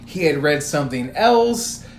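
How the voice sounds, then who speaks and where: Over a noisy crowd, a young male podcast co-host casually tells a story, swearing plenty and quoting text messages. His voice is on the high side and sing-song, and he talks a little slowly. The chat is recorded with roomy echo and faint room noise.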